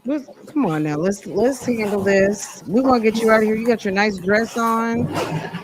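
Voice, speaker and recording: A woman's voice: fairly high pitch, moderate pace. A woman giving sassy, teasing commentary as she reacts to a video.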